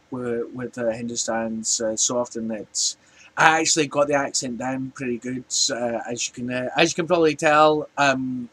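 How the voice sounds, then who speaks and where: Speaking in a slightly high, somewhat bright voice, a Scottish man in his forties delivers a casual vlog rant to camera. He's chatty and meandering, with lots of restarts.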